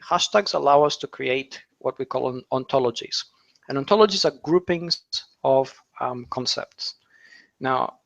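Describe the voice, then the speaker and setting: A man with a slightly high voice talks through a concept as a lecturer would. He wanders through fillers and restarts, and he often asks a question so that he can answer it himself. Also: vocal fry, a bit bright, lo-fi sound. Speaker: SEO author and speaker. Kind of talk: explanatory talk.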